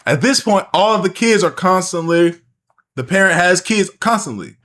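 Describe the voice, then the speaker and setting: A man's voice: sits high, expressive, normal speed, a bit bright. A man streaming a casual reaction, talking bluntly and jokingly with slang and swearing.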